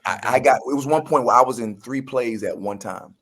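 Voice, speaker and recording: A man's voice: mid-range voice, fairly quick, a bit bright, a little hiss or hum. A man, a guest actor telling his story in a casual interview. He acts out the voices he quotes and often restarts his sentences.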